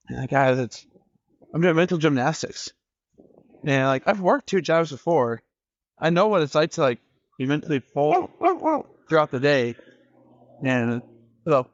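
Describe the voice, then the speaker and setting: A man's voice: on the high side, normal speed, pauses often, dry recording, lo-fi sound. A man hosting a podcast in a casual monologue, a little out of breath, rambling and restarting his sentences. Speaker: podcast host.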